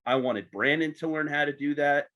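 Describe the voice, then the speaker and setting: A man's voice: a little high, moderate pace, a bit bright. A man hosting a podcast, asking questions in a chatty, joking way with some false starts. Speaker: podcast host. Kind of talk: casual interview chat.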